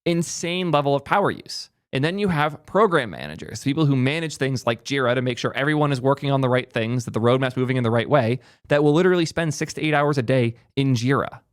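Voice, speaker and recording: A man's voice: medium pitch, expressive, clean tone, no room sound, studio quality. A young man hosting a tech channel, giving opinionated, emphatic commentary in a ranting style. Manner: emphatic, ranting, rapid asides. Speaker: tech YouTuber host.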